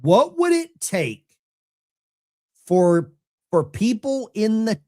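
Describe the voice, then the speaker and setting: Lively, chatty male call-in host. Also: high voice, slow. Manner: animated and chatty, often rambling. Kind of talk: casual live-stream call-in talk.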